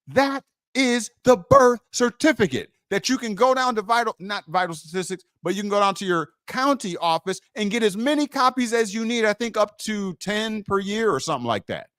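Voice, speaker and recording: A man's voice: high voice, animated, moderate pace, few pauses, a bit bright, no room sound, clean studio sound. A man teaching on a livestream in an emphatic way. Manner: emphatic, muttering while searching his screen.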